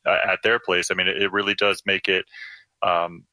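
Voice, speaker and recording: A man co-hosting a sports talk radio show, talking over football in a thoughtful, halting way with many fillers. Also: sits low, level tone, sharp tone, no echo. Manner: thoughtful, many ums and restarts. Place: radio studio.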